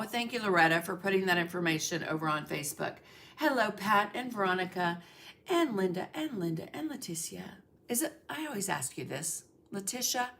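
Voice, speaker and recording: Chatty woman with a bright, low voice. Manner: chatty, greets viewers by name, frequent fillers. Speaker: livestream host, art instructor. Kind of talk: casual livestream chat.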